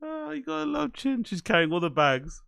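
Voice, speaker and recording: A man's voice: very high voice, big pitch swings, fairly quick, vocal fry, a bit bright, clear, resonant tone, no echo, studio quality. Swearing man reacting on stream. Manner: swears freely, laughs, repeats himself. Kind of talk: casual live-stream commentary.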